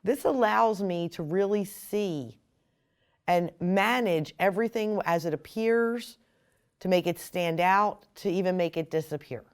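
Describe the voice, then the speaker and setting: A woman explaining software step by step in a screen-recorded tutorial. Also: lowish voice, measured pace, clear, resonant tone. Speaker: software instructor.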